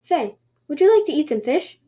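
A woman's voice: sits high, very animated, moderate pace, mellow, pitched above the performer's own voice. A woman voicing a sly male rabbit trickster who sweet-talks in a falsely innocent way.

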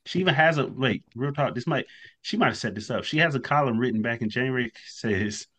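A man's voice: mid-range voice, fairly quick, a bit bright. A man co-hosting a casual podcast, reacting bluntly and in disbelief to a story. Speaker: podcast co-host. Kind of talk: casual chat.

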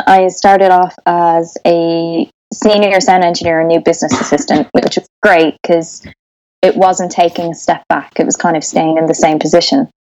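An Irish woman in her thirties chats as an interview guest in a fairly low voice. She talks in loose, rambling sentences, restarting often. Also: a little mellow, poor audio. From Ireland. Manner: chatty, with frequent restarts and laughter. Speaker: sound engineer, interview guest. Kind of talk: casual interview.

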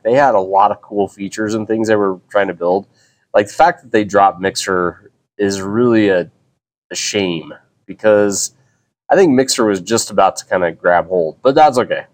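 A middle-aged man hosting a casual solo podcast, talking in a rambling, easygoing way with frequent restarts. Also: fairly low pitch. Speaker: podcast host.

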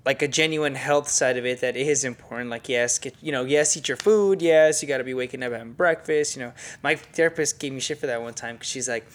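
A young man talks loosely on a podcast, his voice sitting in an ordinary middle pitch. He is laid-back and slangy, and he swears freely as he chats. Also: brisk, hardly any pauses. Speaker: podcast co-host. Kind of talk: casual chat.

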